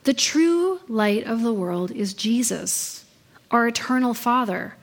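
A woman's voice: a little high, big pitch swings, takes it slowly. A woman preaching a sermon in her thirties, telling stories in an earnest way. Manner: earnest storytelling delivery.

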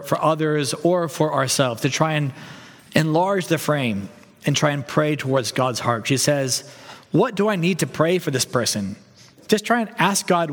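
A man preaching a sermon as pastor, earnest and reflective, speaking in a gentle, unhurried way. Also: fairly high pitch, in a large hall.

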